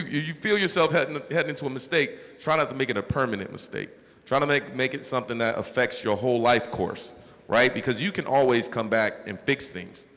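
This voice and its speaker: A man's voice: mid-range voice, fairly bright tone. A man in his thirties, a mayor, giving earnest, encouraging advice to young people at a town hall, often checking in with "right?". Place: large school hall. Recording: echoey hall reverb.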